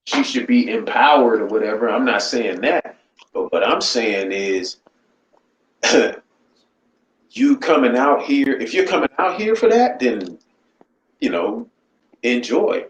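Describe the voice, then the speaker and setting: A man's voice: medium pitch, very animated, slow, long pauses. A man hosting a casual live-stream chat, blunt and profane, often asking "you know what I'm saying". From United States. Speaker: channel host. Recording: roomy echo, faint background noise.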